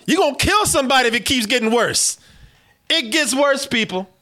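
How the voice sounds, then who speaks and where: Guy ranting on a podcast, high voice that swings all over, swears a lot, keeps repeating himself. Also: animated, brisk, bright, forceful tone. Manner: exasperated, repetitive, swears freely. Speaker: podcast co-host reviewing a movie. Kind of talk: profane comedic rant.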